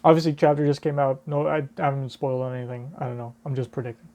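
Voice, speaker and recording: A man hosting a live reaction, reading a manga aloud and thinking out loud about what comes next. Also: medium pitch, little pitch movement, fast talker, hardly any pauses. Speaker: reaction channel host.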